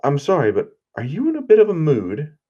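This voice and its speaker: A man's voice: fairly low pitch, unhurried, natural voice. A man voicing a cocky young male hero who jokes around and drops mock British slang, on a dull lo-fi recording. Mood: teasing.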